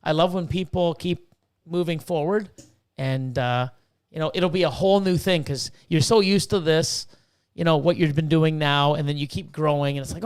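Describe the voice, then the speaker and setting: Podcast host, male, high voice, jokey and rambling. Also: moderate pace, clean tone. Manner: joking, laughing, rambling with fillers. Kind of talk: casual podcast chat.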